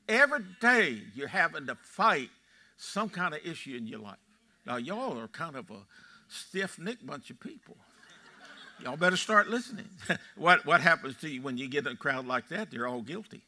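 A man's voice: fairly high pitch, big pitch swings, moderate pace, pushed and bright. A man in his eighties with a Texan accent, preaching a sermon in a folksy storytelling way and quizzing his congregation. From Texas. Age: 80s. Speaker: pastor. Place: church sanctuary.

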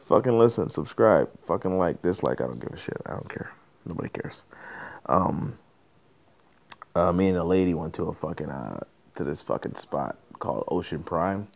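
Low-voiced male podcast host, profane, rambling solo rant. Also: vocal fry, darkish tone.

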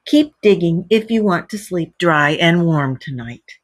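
A woman reading as a bossy, brisk storybook rat. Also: lowish voice, lively intonation, dry recording, clean studio sound. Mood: impatient. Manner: bossy, eager, sometimes exasperated. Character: brisk, practical male water rat. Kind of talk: read-aloud storybook.

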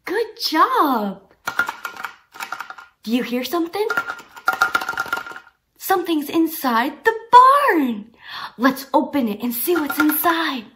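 A young adult woman teaching toddlers in a slow, sing-song way, with exaggerated encouragement and lots of praise. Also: high-pitched, big pitch swings, fairly bright tone.

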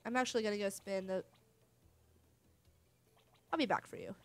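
A woman's voice: medium pitch, normal speed. A young woman giving casual let's-play commentary, chatty and self-mocking between reading voices. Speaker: gaming YouTuber.

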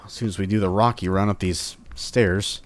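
Low-voiced man joking through a game. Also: fairly even intonation, moderate pace. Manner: playful, jokingly taunts enemies. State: sore upper back. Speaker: let's-play host. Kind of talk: casual gameplay commentary.

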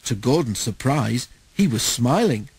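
A man narrating a children's storybook in a steady, measured way. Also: medium pitch, slightly rough, dry recording, rough recording. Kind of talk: storybook read-aloud.

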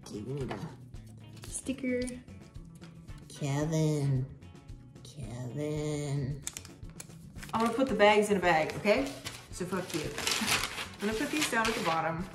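A young woman talks her way through packing orders in a loose, rambling voice-over, muttering to herself and cheering now and then. Her voice sits at an ordinary middle pitch. The sound is roomy, with music running behind her. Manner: chatty, muttering to herself, cheerful outbursts, casual swearing. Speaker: small artist packing shop orders. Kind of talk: chatty packing vlog voice-over. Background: background music.

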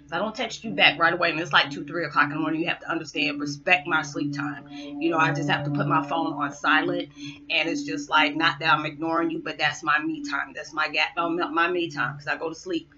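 Brief: woman spiritual vlogger, loose rambling chat, slightly low, bright voice, muffled lo-fi recording. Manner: rambling, chatty, many fillers like "you know" and "it's just like". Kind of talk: casual monologue to camera. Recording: dull lo-fi sound.

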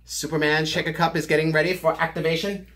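A young man reviewing a fitness supplement in a brash, profane, hyper way, out of breath and hot, joking and shouting often. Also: fairly high pitch, level tone, fast. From New Jersey. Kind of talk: loud joking product review vlog. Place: basement room.

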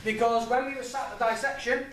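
A man's voice: very high voice, fairly even intonation, fast, a bit bright, slight background noise. A young man giving a public talk in a chatty, laughing, self-deprecating way. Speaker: guest speaker. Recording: echoey room, voice from far off.

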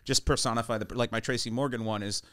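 A man in his thirties hosting a podcast as a comedian, chatting casually, animated and laughing often. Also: mid-range voice, fast talker. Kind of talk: casual chat. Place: podcast studio.

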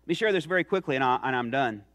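A man's voice: medium pitch, animated, very fast, a bit bright. A middle-aged man preaching a sermon in a church, telling stories with rising emphasis. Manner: earnest, storytelling with rising emphasis. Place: church sanctuary.

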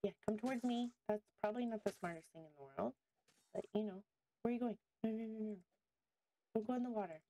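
A woman hosting a casual let's-play video, chatting to viewers and to in-game creatures as she thinks aloud and gets easily excited. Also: on the high side, fast. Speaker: gaming video host.

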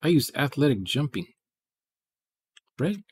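Male streamer, chatty and rambling, muttering over his code, mid pitch, dry close sound. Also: big pitch swings, a little slow, slightly rough, no room sound. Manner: rambling, muttering asides while coding. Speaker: programming livestream host. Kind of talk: casual rambling livestream chat.

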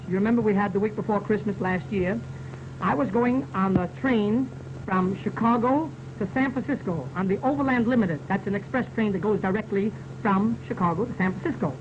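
A vaudeville comedian telling jokes in a stage monologue, with hesitant asides between the punchlines. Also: male voice, high voice, background noise. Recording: muffled 1920s sound-film recording with music.

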